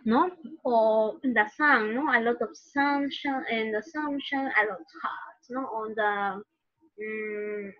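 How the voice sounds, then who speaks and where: Woman English teacher, slow, dramatic gasps, dull lo-fi recording. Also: fairly high pitch, dry recording. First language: Spanish. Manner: acts out each adjective with gasps and sighs, switching between English and Spanish. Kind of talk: online class for children. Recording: dull lo-fi dry sound.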